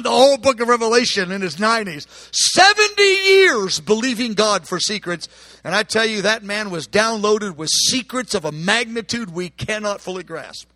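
A man preaching a sermon with passion, acting out quoted voices and swinging from hushed tones to shouts. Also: sits high, big pitch swings, moderate pace, no echo.

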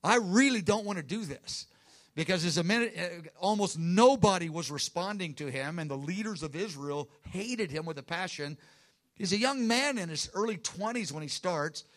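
A man's voice: high voice, lively intonation, normal speed, fairly bright tone. A man preaching a sermon with earnest emphasis, often restarting phrases and acting out quotes. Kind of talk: sermon teaching.

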